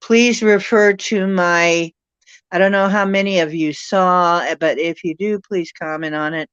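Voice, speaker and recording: Woman host, lower voice, smooth, effusive and rambling chat, muffled lo-fi sound. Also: steady tone, unhurried, fairly bright tone, no echo. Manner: effusive, rambling, spiritual talk. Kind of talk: casual livestream chat. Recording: muffled lo-fi audio.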